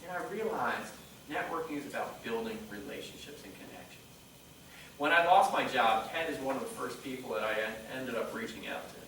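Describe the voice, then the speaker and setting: A man giving a motivational talk on stage, telling stories and acting out conversations in a lively way. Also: medium pitch, background noise. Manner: animated storyteller quoting dialogue. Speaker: motivational speaker. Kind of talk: live presentation storytelling. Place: conference room. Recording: echoey hall mic from a distance.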